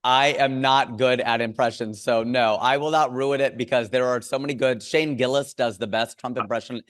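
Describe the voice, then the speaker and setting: A man, a comedian, chatting as an interview guest, quick and joking, riffing with asides. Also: medium pitch, steady tone. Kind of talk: casual interview chat. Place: California.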